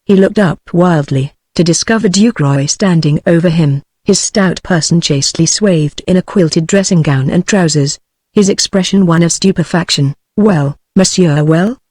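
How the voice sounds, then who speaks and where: A text-to-speech woman's voice with a British English accent reading a novel aloud in an even, synthetic way, sometimes voicing the punctuation. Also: on the low side, moderate pace, breathy edge, dry recording. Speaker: audiobook narrator.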